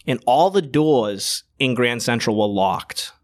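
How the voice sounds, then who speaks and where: A man's voice: medium pitch, slow. A man, casually telling a rambling, profane story, acting out the quotes. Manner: rambling, profane, animated retelling with acted-out quotes.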